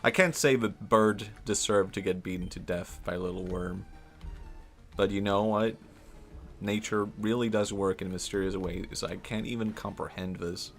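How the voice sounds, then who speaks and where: A man's voice: on the low side, steady tone, normal speed, faint music behind. A man streaming a game and chatting casually, rambling and giggling through playful, absurd tangents. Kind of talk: casual gameplay commentary.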